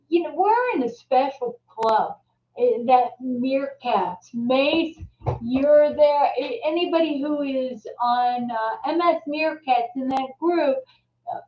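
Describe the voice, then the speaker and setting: A middle-aged woman hosting a casual livestream chat, talking in a heartfelt, rambling way full of faith. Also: high voice. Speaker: livestream host. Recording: echoey, distant, dull webcam audio.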